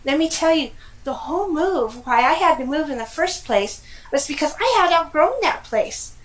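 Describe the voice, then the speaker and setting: A middle-aged woman from California telling her personal story in a casual, animated way, laughing often and exclaiming. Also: high voice, moderate pace, low-quality recording. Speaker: guest.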